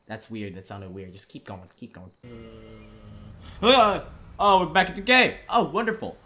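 A young man giving casual let's-play commentary on a video game, excitable and joking, often exclaiming as he plays. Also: mid-range voice, a little fast. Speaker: gaming YouTuber.

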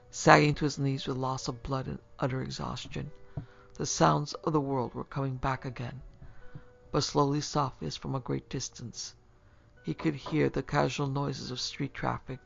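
A male narrator reads a classic horror tale in a measured way. His voice is deeply gravelly and keeps a flat, narrow pitch, and the recording sounds dull and lo-fi. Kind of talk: scripted horror audiobook narration.

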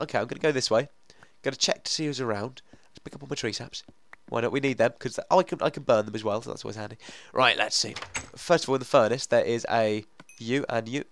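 A young man with a blocked nose, rambling excitedly through let's-play game commentary. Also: mid-range voice. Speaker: gaming video host.

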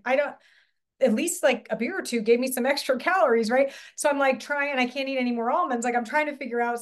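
A woman business coach talks through a live online lesson in a loose, conversational way. Her voice sits a little high, and she keeps checking in with her listeners with quick questions and the odd mild curse. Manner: casual, chatty, swears lightly, asks the audience questions.

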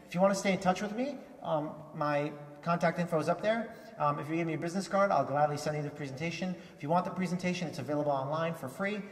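A man with a fairly high voice speaks eagerly at a conference, stumbling and repeating words as he restarts his sentences. He is recorded from far off, and a long reverb from the large hall trails behind every phrase. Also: fast talker. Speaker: keynote speaker. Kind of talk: conference keynote speech.

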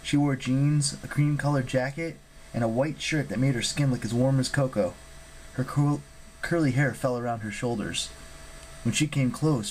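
A man narrating an audiobook in a plain, steady storytelling manner. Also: mid-range voice, slight background noise, rough recording.

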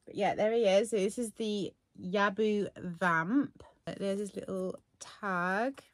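A woman vlogging casually while unboxing gifts, gushing and excitable. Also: mid-range voice, slow, no room sound. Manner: gushing and excitable, many fillers.

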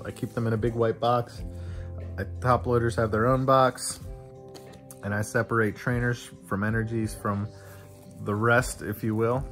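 A man's voice: mid-range voice, a bit bright. A middle-aged man casually chatting as he opens trading card packs and reads out each card name. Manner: chatty, reads card names aloud in lists. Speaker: card unboxing host. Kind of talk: casual unboxing commentary. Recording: music playing behind.

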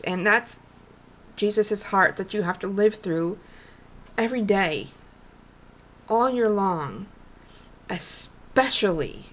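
A woman's voice: medium pitch, a little hiss or hum. A middle-aged woman vlogging in an earnest, rambling, preachy way. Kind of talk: casual heartfelt vlog rant.

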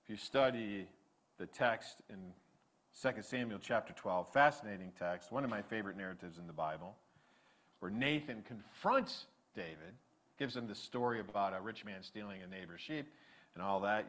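A male pastor delivering a sermon with animated, emphatic preaching. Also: on the low side, normal speed.

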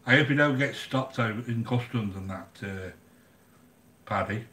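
An older English man with an everyday mid-pitched voice talks casually to his viewers. He is chatty and blunt, grumbling and joking as he goes. His voice carries a noticeable room echo. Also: normal speed, sharp tone, a little hiss or hum. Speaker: livestream cooking channel host. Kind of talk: casual live chat with viewers.

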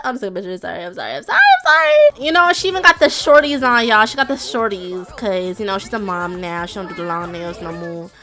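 A young woman giving casual, chatty let's-play commentary, talking straight to her viewers with excited squeals. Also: a little high. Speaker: gaming YouTuber.

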